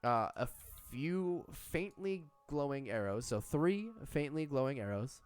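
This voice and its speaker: A man's voice: medium pitch, clear, resonant tone, soft background music. Man running a tabletop game. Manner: relaxed, halting, with fillers and laughs. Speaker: game master. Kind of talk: narrating a tabletop game on a stream. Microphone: headset.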